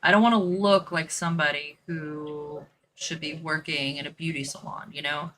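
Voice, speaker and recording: A woman's voice: low voice, fairly even intonation, normal speed, fairly bright tone, a little hiss or hum, rough recording. A woman who works as a dog trainer, chatting casually and thinking aloud while she plays a game, with lots of "like" and "you know" fillers. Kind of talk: casual chat while gaming.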